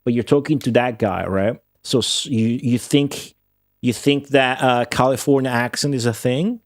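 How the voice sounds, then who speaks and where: A man's voice: mid-range voice, moderate pace, dry recording, clean studio sound. A man with an Italian accent, a streamer rambling and swearing in casual chat with his viewers while playing a game. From Italy. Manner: rambling, profane, chatty with chat readers.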